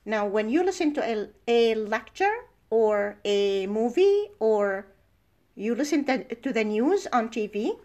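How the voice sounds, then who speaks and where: A middle-aged woman whose first language is Arabic teaches a university class in a fairly high voice. She talks unhurriedly and explains each point step by step with examples. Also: very animated, darkish tone. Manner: explanatory, gives slow worked examples. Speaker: university lecturer. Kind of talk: recorded lecture.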